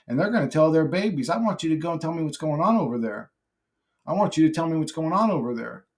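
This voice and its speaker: Brash, profane man rambling to camera. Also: fairly high pitch. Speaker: YouTuber. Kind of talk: casual vlog monologue.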